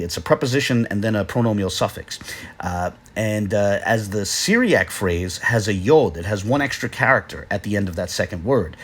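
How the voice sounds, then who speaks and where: Male lecturer-narrator, measured and explanatory, breathy lower voice, hesitant fillers. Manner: measured, explanatory, with frequent "uh" pauses. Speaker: video lecturer.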